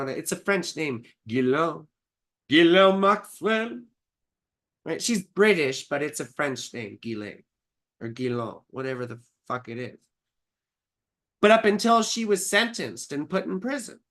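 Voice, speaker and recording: A woman's voice: mid-range voice, fairly bright tone. A woman astrologer giving a casual live-stream reading. She talks in a rambling, chatty way and swears freely.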